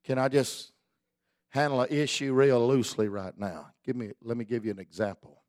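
A man preaching a sermon in a folksy, colloquial storytelling manner, building up to fervent, near-shouted exhortations. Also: mid-range voice, steady tone, normal speed, no room sound, studio quality.

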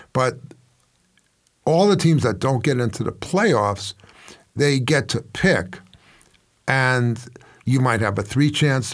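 An older man in his seventies hosting a commentary show, telling stories in a rambling, wry and self-mocking way. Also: on the low side. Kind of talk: casual storytelling commentary.

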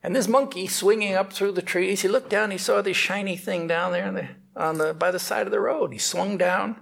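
Man, spiritual teacher, slightly high voice, halting, restarts phrases. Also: creaky, a bit bright. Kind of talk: spoken teaching with a story.

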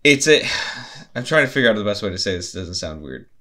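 A man with a fairly low, bright voice, talking loosely about an old film. He rambles, restarts his sentences and laughs easily. The tone is relaxed, casual conversation. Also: fast talker.

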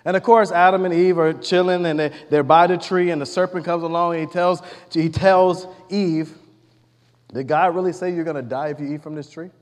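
A man's voice: on the high side, fairly even intonation, fairly quick. A man preaching a sermon, retelling the scripture stories in casual speech and acting out the characters' lines. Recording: long hall reverb.

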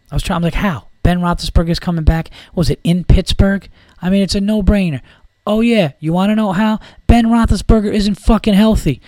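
A man rants heatedly about football, swearing freely and rambling from point to point. His voice sits a little high for a man. The sound is dry and close, with no room around it. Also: darkish tone, dry recording. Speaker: podcast host. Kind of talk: casual sports rant.

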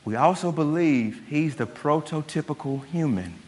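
A male pastor preaching a sermon in an animated way, often asking his listeners rhetorical questions. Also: fairly high pitch, moderate pace. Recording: long hall reverb.

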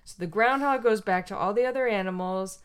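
A woman co-hosting a casual podcast, playfully retelling a children's picture book and acting out the animals in quick bursts. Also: mid-range voice, clean tone. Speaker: podcast co-host reading a picture book aloud.

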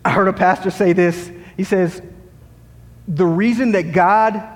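A man with a notably high voice preaches to his congregation, building emphasis as he quotes scripture and drops in wry jokes. His voice rings out with a long reverb from the church sanctuary. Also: steady tone, a little slow. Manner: humorous asides. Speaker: pastor. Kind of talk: sermon.

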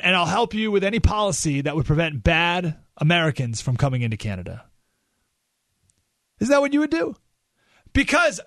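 A man hosting a talk radio show, delivering an animated political monologue and often repeating or restarting words. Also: high voice, no echo, studio quality.

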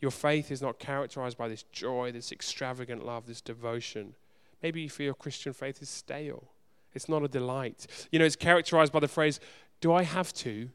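A man preaching a sermon, speaking earnestly and directly to his congregation, swinging from loud urgency to soft hushed moments. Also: medium pitch, fairly even intonation, fairly quick, hardly any pauses, clear, resonant tone. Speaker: pastor.

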